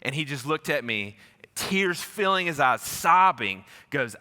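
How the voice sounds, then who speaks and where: A man preaching a sermon as pastor, telling a story in casual slang and swinging between loud bursts and hushed moments. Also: a little high, very animated, measured pace. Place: large church auditorium. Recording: reverberant church hall.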